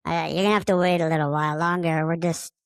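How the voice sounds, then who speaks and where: Gravelly low-voiced alien guy, played by a man, immature, rambling, loves swearing, dry close sound. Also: steady tone, fast talker, a bit bright, no echo. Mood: chatty. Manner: rambling, casual, fond of swearing. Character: friendly, immature male space alien taking over a podcaster's body. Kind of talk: casual improvised monologue.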